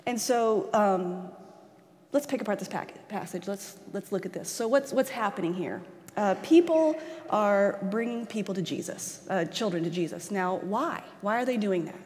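A woman preaches in a relaxed, conversational way, animated and quick to laugh as she talks the congregation through a passage. Her voice sits at an ordinary pitch. It carries with a long reverb, as if recorded in a church hall. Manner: animated, acts out quoted voices, laughs easily. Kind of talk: conversational sermon.

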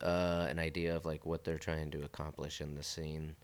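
A man interviewing a guest in casual chat, asking quick follow-up questions. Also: very deep voice, flat delivery.

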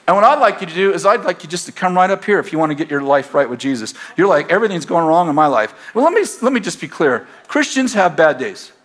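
A middle-aged American man preaching a sermon in a church, telling stories and building to loud exhortation. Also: high-pitched, sing-song, fast talker, few pauses. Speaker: pastor. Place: church sanctuary. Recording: faint crowd in a church. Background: congregation.

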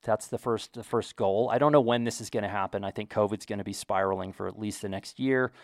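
An American vlogger from the United States tells his viewers an enthusiastic, chatty story while casually talking to camera. His fairly low voice comes out fast and carries vocal fry. The recording is clean and studio-quality, with no room sound at all.

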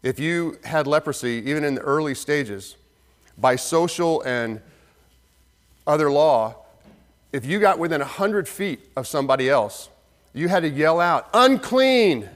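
A man preaching a sermon as pastor, earnest, slowing down for emphasis and acting out the voices in the story. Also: medium pitch. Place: church sanctuary. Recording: long reverb of a hall.

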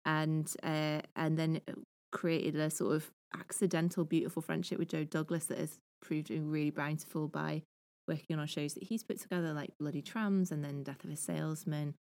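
A woman's voice: low-pitched, flat delivery, moderate pace, few pauses, darkish tone, dry recording. A woman in her thirties, a theatre director and podcast guest, talking enthusiastically in long, flowing sentences. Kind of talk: casual podcast interview. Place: podcast recording setting.

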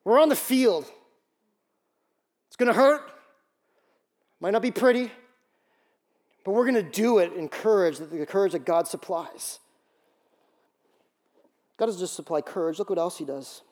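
A man preaches with animated energy, telling stories and acting out quoted voices. His voice sits high for a man. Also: unhurried, pauses often. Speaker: pastor. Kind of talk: sermon.

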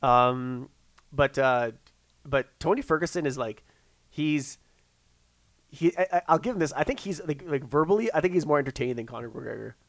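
A man's voice: mid-range voice, expressive, moderate pace, no echo. A man chatting casually on a podcast, rambling with frequent restarts and fillers.

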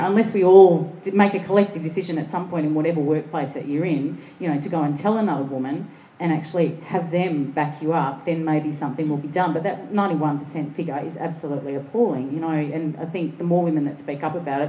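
A woman on a discussion panel, telling lively anecdotes and acting out the voices of the people in them. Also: sits low, quick pace, few pauses, echoey room, low-quality recording. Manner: animated anecdotes, acts out voices.

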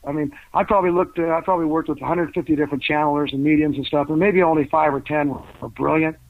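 Older male guest, fast rambling storyteller, slightly high voice, tinny phone-like line. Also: steady tone, no room sound. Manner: rambling, anecdotal, lots of fillers and restarts. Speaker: author and guest. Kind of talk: casual interview storytelling. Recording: tinny phone-like dry sound.

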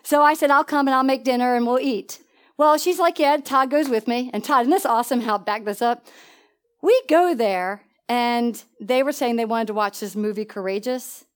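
A woman preaching a sermon in an animated way, with laughing asides and questions to the congregation. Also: a little high, moderate pace, clean tone.

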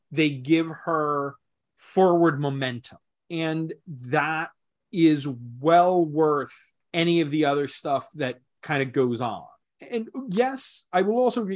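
A man co-hosting a casual comics podcast, explaining at length in a thoughtful, measured way. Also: fairly high pitch. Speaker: podcast co-host discussing comics. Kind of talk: casual chat.

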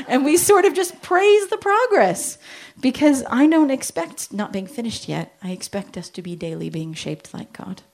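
A woman and parent giving a lively Christian talk on parenting, joking and acting out little quoted voices. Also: high voice, moderate pace. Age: adult with children. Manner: animated, jokey, acts out quotes.

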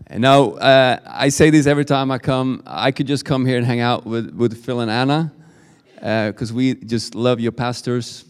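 A guest preacher with a Swedish accent delivers a live sermon during a church service, his voice echoing in a reverberant hall. His mid-range voice is clean, with fairly even intonation and a moderate pace, and he talks informally with plenty of fillers and restarts.

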